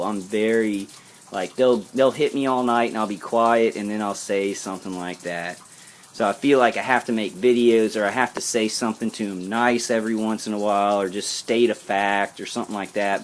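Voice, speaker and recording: A man's voice: on the low side, a little hiss or hum. A man talking casually to his viewers, rambling and earnest, often breaking off and restarting his sentences. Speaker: vlogger.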